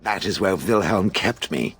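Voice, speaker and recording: A deep, husky, sardonic stone golem. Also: male voice, animated, unhurried, fairly bright tone, heavily acted. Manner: dry, mocking, condescending. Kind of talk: video game dialogue.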